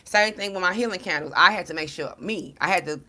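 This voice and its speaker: A tarot card reader talks directly to camera, addressing her followers as y'all in a casual monologue. Her voice is lowish and quick, and she tells stories in a blunt, profane, slang-heavy, animated way.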